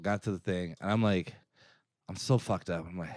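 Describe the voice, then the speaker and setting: A man's voice: deep voice, moderate pace, a little mellow, no room sound, clean studio sound. A man co-hosting a podcast, telling rambling, profane stories in casual chat and laughing often. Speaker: podcast co-host.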